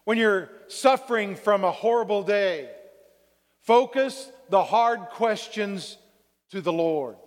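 Slow but lively in intonation, a male pastor's high-pitched voice trails off into long reverb as he preaches. Through his sermon he acts out everyday quotes and calls "Amen?" to draw a response from the congregation.

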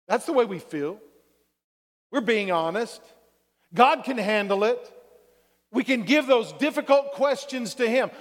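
A man with a high voice delivers a measured, unhurried sermon as a pastor. He draws the congregation in with call-and-response and acts out what people say. His voice carries the long reverb of a church hall. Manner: preaching with call-and-response "Amen?" and acted-out quotes.

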